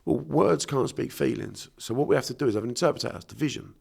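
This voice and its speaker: He's a fast talker with a medium-pitched voice that's gravelly, a little mellow and breathy at the edges, and his intonation is lively. A Bermondsey native with a South London accent, this unconscious mind therapist is a guest on a casual podcast, speaking bluntly and emphatically with lots of swearing.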